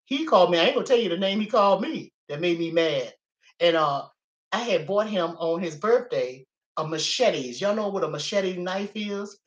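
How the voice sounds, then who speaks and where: A woman telling a personal story in a casual, animated and profane way, chatting straight to her viewers. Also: lowish voice, moderate pace, muffled recording. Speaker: livestream host. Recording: roomy echo.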